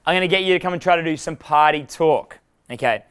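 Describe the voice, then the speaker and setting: High-voiced, swearing dating coach. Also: male voice, fast, clean tone. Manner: animated, profane, laughs at his own jokes. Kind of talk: live seminar talk.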